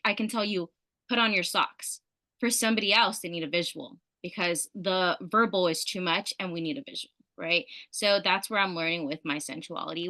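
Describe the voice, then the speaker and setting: A woman's voice: fairly low pitch, bright, forceful tone. A woman guest on a podcast roundtable, talking candidly and expressively about her life and her work. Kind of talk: casual roundtable sharing.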